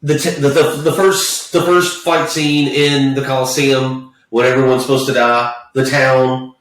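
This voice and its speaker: A man's voice: mid-range voice, level tone, unhurried, a bit bright. A man co-hosting a podcast, talking casually about a movie in a rambling, profane way full of restarts. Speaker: podcast co-host. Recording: echoey room, distant mic.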